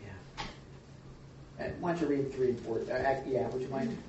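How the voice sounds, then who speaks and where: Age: adult. Sex: man. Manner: halting preacher, distant and echoey. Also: mid-range voice, warm tone, slight background noise. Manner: rambling, halting, many restarts and fillers. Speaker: Bible study leader. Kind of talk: informal Bible teaching. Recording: distant, echoey, lo-fi room recording.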